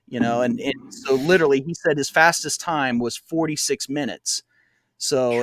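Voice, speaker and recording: Man, podcast co-host, rambling storyteller, plenty of fillers, middle pitch, dry sound. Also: fairly bright tone, no room sound. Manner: rambling, laughs often, many fillers. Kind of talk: casual storytelling chat.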